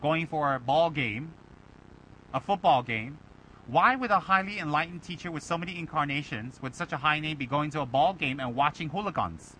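A man teaching a Buddhist dharma talk, animated and rhetorical, mimicking his listeners' complaints. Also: on the high side, moderate pace, a little hiss or hum, rough recording. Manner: animated, rhetorical, mocking imitations.

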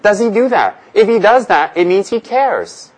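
A man's voice: sits high, very animated, moderate pace, rough recording. Joking man giving a Dharma talk. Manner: humorous, rhetorical questions, repeats phrases. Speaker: Buddhist teacher.

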